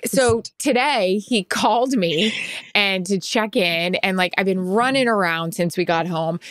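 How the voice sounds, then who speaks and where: A woman in her thirties co-hosting a podcast who speaks candidly and confidingly. Her voice is smooth and clear at a middling pitch. It is recorded close and dry. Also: measured pace, fairly bright tone, no echo. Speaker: podcast co-host. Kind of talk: casual chat.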